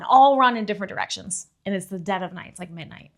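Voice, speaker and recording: A young woman telling a story in casual chat, rambling with many fillers, sometimes dropping to a hush and then getting loud. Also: medium pitch, fast talker, hardly any pauses. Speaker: podcast guest.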